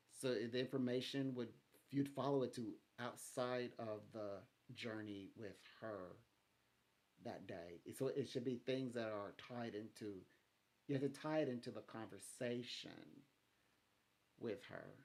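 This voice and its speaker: A man giving a phone psychic reading, talking gently and haltingly with many restarts and fillers. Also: mid-range voice. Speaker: psychic reader.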